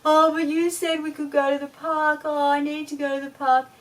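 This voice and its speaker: A high, whiny little child begging and pleading without letup, as a woman puts it on. The voice sits a bit far from the mic, with a faint hiss of background noise behind it. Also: little pitch movement, normal speed, natural voice. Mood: whining. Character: whining small child begging for treats.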